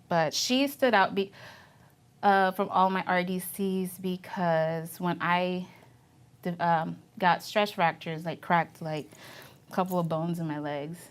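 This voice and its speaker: A young adult woman and Navy veteran being interviewed, telling her memories casually and candidly, laughing often as she talks. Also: on the low side.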